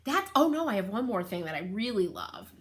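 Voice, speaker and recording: The host of a furniture painting livestream, a middle-aged woman from New England, talks briskly in a mid-range voice. During her show and tell she reads viewer comments, gushing, excitable, and laughing often.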